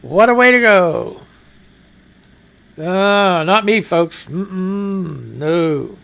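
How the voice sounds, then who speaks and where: A man's voice: high-pitched, lively intonation, extremely slow, creaky, bright, forceful tone, clear, resonant tone. A man hosting a live radio news show, rambling and reading listener comments with profane asides and an American accent. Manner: rambling, profane, exclaiming and laughing.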